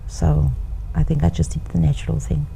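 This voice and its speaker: A middle-aged woman with a very dark, gravelly voice, answering in an interview. She sounds low and reflective. She speaks in a measured way, with a few fillers. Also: flat delivery, poor audio. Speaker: interviewee and author. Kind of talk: interview testimony.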